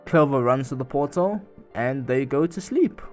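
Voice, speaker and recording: Faint music plays behind a man with a medium-pitched voice and lively intonation, speaking at normal speed. As a gaming channel narrator, he casually recounts a video game's story scene by scene, full of "and she goes" asides.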